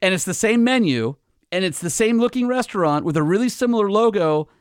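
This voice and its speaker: A man's voice: sits high, lively intonation, brisk, smooth, no echo. A man co-hosting a casual podcast chat, jokey and exclamatory, in a studio. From Southern California. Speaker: podcast co-host.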